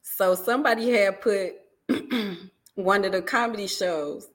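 A woman co-hosting a casual comedy podcast chat, telling quick stories and laughing often. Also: mid-range voice. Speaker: podcast co-host.

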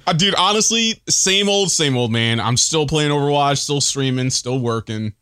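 Excitable male guest with lively pitch. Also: moderate pace, smooth, no echo, clean studio sound. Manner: excitable, slangy, says "dude" a lot. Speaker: returning guest. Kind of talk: casual podcast chat.

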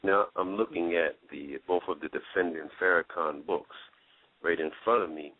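Deep-voiced male radio host on a phone line. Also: normal speed, noisy background. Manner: affirming interjections, steady questions. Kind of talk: radio interview.

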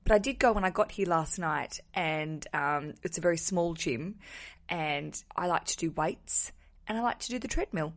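A woman hosting a wedding podcast alone from a hotel room, talking casually with a slightly rough morning voice and a cheeky, self-mocking, rambling manner. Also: lowish voice, normal speed. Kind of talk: casual solo podcast monologue. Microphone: wearing headphones.

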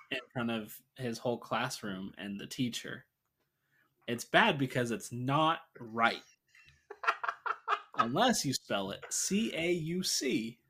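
Dry-witted man with a bright voice. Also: medium pitch, breathy edge. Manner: dry, teasing wit. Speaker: podcast co-host. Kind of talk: casual chat.

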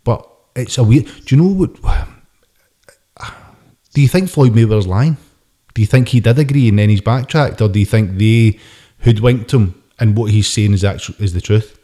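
A man, co-hosting a casual sports podcast chat, talking in an animated way and swearing casually. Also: on the low side, normal speed. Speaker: podcast host.

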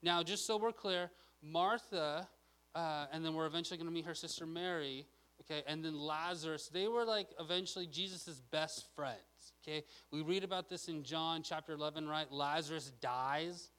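A man's voice: a little high, moderate pace, fairly bright tone, poor audio. A man preaching a casual, chatty sermon, often checking in with "okay?".

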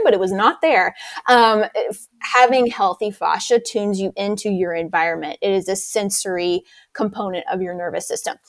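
Casting: woman instructor, keen explainer, dry close recording, mid-pitched. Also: steady tone, normal speed, no echo. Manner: enthusiastic and detailed explainer. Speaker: movement instructor. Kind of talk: explanatory interview answers.

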